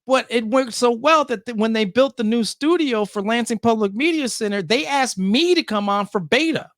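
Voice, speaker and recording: A middle-aged man from Michigan, a podcast guest, telling stories in an animated way and acting out the voices of the people in them. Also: extremely high pitch, normal speed, no room sound, clean studio sound. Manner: acts out quoted voices. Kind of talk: animated storytelling.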